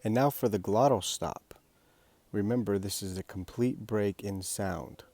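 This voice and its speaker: A man with a very deep, low-pitched voice teaches a language lesson. He walks through each step of the exercise patiently and plainly, like a teacher at a whiteboard. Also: measured pace, dark tone, no room sound. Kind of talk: instructional explanation.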